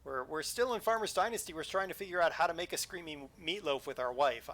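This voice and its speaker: Casting: male game streamer, bright and a touch high, playful and jokey, loose live chat. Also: fast talker. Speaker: livestream host. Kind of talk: casual game commentary.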